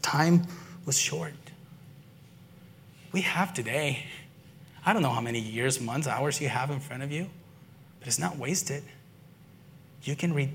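A man with children preaching a sermon, telling personal stories in an earnest way that swings from hushed to excited. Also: mid-range voice, slight background noise. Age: adult, father and son-in-law. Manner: earnest storytelling, swinging between quiet and excited. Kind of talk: sermon testimony.

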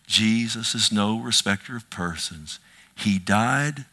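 A male pastor preaching a sermon with passion, swinging from loud declarations to hushed whispers and calling out "Amen?" to his congregation. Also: on the low side, animated, takes it slowly.

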